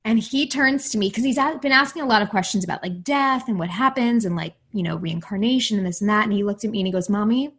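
A woman in her thirties co-hosting a podcast over a video call. Her voice is husky and sits in a middle pitch. She talks candidly and chattily, with plenty of "like". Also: fast talker, few pauses, fairly bright tone. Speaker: podcast co-host.

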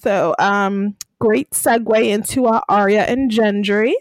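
A woman's voice: medium pitch, fairly even intonation, slow pace, no room sound, poor audio. A woman hosting a casual podcast, recapping an episode in a chatty storytelling way with lots of fillers and frequent laughter. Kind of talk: casual chat.

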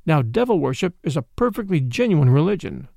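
A soft-spoken, genial old priest with a calm, easy manner, quiet and gentle even in a grim moment, as a male narrator puts him on. A gravelly texture runs under the voice, heard close with no room sound. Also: a little high, fairly quick, no room sound, exaggerated voice.

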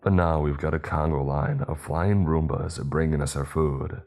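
A man's voice: extremely low pitch, moderate pace, a little mellow, faint music behind. A man voicing an upbeat male ship crewmate who talks in an easygoing, joking way. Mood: cajoling.

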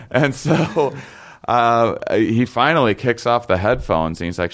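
A young man telling a long story in casual chat, halting and rambling with many fillers and restarts. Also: mid-range voice.

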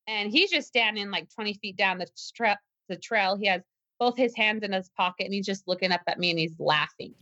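A woman tells her own story to an interviewer in an earnest, tense voice, breaking off and restarting as she goes. Her tone is bright and sharp, and it is close to the mic with no room sound. The recording is a little dull and muffled. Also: medium pitch, a little fast, no echo. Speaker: guest, self-defense teacher. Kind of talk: personal story told in an interview.

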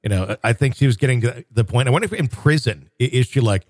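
A man's voice: mid-range voice, lively intonation, quick pace, darkish tone, no echo, clean studio sound. A man co-hosting a podcast in casual conversation, rambling with frequent restarts and fillers. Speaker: podcast co-host.

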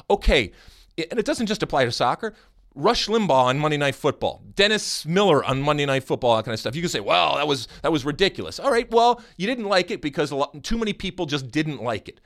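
An American man hosting a podcast in casual chat, animated and teasing, often restarting his sentences. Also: a little high. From United States. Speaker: podcast host.

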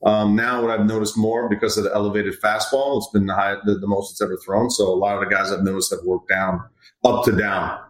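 Brisk and on the low side, this middle-aged man is a hitting coach swapping stories about players in a laid-back interview. He rambles somewhat and plays the parts of the players he quotes, with the room's echo audible.

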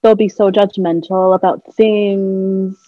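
A woman's voice: medium pitch, steady tone, slow, no echo, lo-fi sound. A woman talking casually and reflectively, with a wry edge, as a podcast co-host. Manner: reflective, wry, mocks others with put-on airy voices. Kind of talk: casual conversation.

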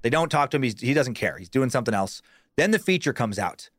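A man's voice: mid-range voice, animated, quick pace, fairly bright tone, no echo, studio quality. A man, a comedian, telling a profane road story in casual podcast chat with lots of restarts and swearing.

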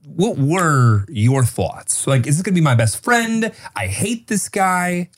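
A man in his thirties hosting a podcast, teasing his guests with quick questions. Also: fairly high pitch, big pitch swings. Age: 30s. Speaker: podcast host. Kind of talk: casual podcast chat.

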